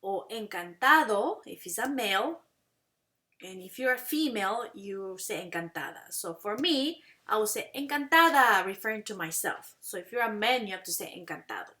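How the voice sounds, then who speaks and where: A woman teaching a Spanish lesson in English, explaining patiently and saying Spanish phrases slowly and clearly for learners to repeat. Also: mid-range voice, lively intonation, sharp tone. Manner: explains patiently, asks "okay?" and "right?" to check understanding. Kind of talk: classroom language lesson.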